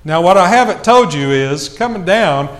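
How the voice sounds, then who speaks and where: A man preaching a sermon, telling a self-mocking story with lively swings in his voice. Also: sits high, normal speed.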